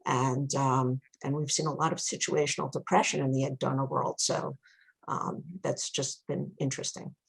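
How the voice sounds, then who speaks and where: A woman's voice: rumbling low, flat delivery, normal speed, vocal fry, breathy edge. A middle-aged woman with a New York accent, speaking as a guest expert in a webinar in a chatty, candid way with frequent ums. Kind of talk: webinar presentation.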